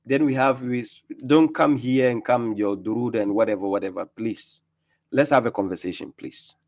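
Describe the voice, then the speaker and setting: A man's voice: medium pitch, moderate pace, darkish tone. A man with a Ghanaian accent hosting a live debate stream with callers, taunting and laughing often. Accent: Ghanaian English.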